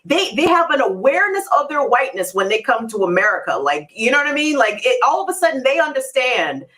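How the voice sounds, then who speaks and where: Lively, bright-voiced woman correspondent. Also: high-pitched, quick pace. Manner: animated, laughing, profane storytelling. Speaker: foreign affairs correspondent. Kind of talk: casual radio talk show chat.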